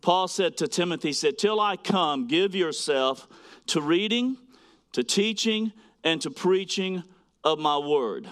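A man preaching a sermon, swinging between loud, emphatic lines and quiet, hushed asides as he reads scripture to a congregation. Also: sits high, animated, measured pace. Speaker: pastor.

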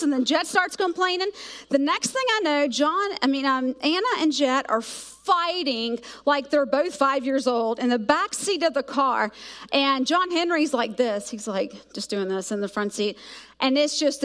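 High-voiced woman preaching. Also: moderate pace. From South Georgia, US. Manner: animated storytelling, acts out voices of herself and kids. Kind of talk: sermon with personal stories.

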